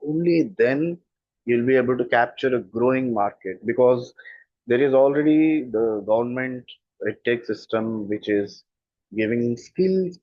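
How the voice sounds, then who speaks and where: A man with a mid-range voice and a standard Indian English accent, a communication skills coach, gives an explanatory talk, laying out his views earnestly and stressing points through repetition. The recording is dry and the audio dull.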